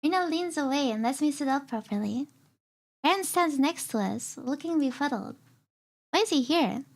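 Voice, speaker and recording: A young woman streamer reading a visual novel aloud in a soft, hesitant way, with filler sounds between lines. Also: sits high, lively intonation, moderate pace, vocal fry. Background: faint game music.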